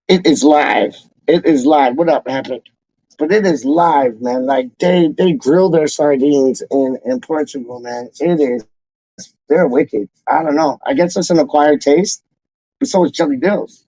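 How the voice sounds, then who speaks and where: Dark-toned man rambling in slang. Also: a little high, dry recording. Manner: loose slangy talk, calls listener dog and man. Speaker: football fan channel host. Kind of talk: casual rambling chat to camera. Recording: dull lo-fi dry sound.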